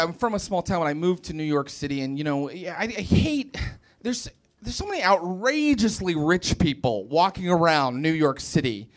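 A man's voice: high voice, a bit bright. A young man from West Virginia doing a stand-up set in a comedy club, telling wry stories and acting out what people said. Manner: wry storytelling with acted-out quotes.

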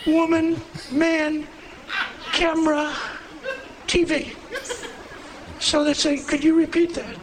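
A squeaky, shrunken politician, pushed up high by a voice filter. He drawls slowly and brags about himself. The recording carries clear background noise. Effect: high-pitch voice filter.

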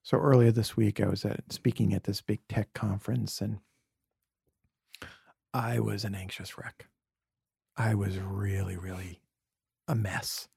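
A man from Brooklyn, a podcast guest, telling reflective personal stories in an earnest, heartfelt way, sometimes dropping to a soft near-whisper. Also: on the low side, steady tone, unhurried, vocal fry, long pauses, husky, no room sound, clean studio sound. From Brooklyn, USA. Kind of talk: earnest conversational storytelling.

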